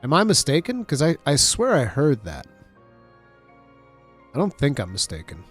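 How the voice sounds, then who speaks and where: A man casually chatting on his stream while building models, his voice nasal and stuffy from allergies, telling stories in an animated, swearing way. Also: a little high, moderate pace, husky, faint music behind. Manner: animated, profane storytelling.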